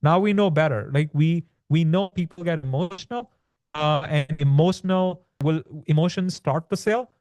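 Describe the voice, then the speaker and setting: A man explaining business principles as a podcast guest, with a slightly raised pitch for his sex. He talks conversationally, stumbling and restarting often. The sound is dry and close, with no room around it. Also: normal speed, darkish tone, no echo. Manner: conversational, many fillers and restarts. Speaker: entrepreneur guest. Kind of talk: casual interview explanation.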